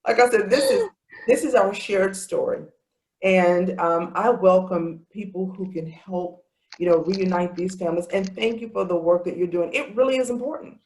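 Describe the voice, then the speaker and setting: A woman's voice: fairly low pitch, normal speed, a little mellow. A woman presenting on family history and answering questions on a video call, talking unhurriedly with many fillers. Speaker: genealogy presenter. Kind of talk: online presentation and Q&A. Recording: roomy video call audio with faint noise.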